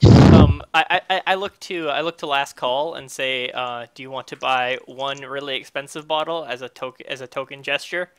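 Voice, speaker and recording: A man playing a tabletop role-playing game, describing his character's actions in halting speech full of fillers and restarts. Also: mid-range voice, clear, resonant tone, no room sound. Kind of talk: casual in-character play.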